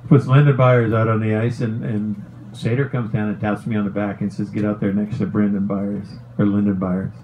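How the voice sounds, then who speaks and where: A middle-aged man, a former hockey player, tells a long story in a casual, animated way, swearing and laughing as he goes. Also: fairly low pitch, moderate pace, highs cut off, slight background noise. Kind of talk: casual storytelling on a talk show.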